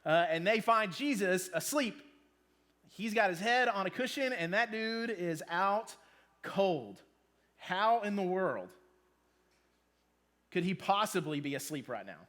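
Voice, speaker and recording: A man's voice: high-pitched, animated, measured pace, pauses often, a bit bright. A man in his thirties giving a casual youth sermon, joking and saying um a lot. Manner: casual, joking, with many ums. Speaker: youth pastor. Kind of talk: sermon to students.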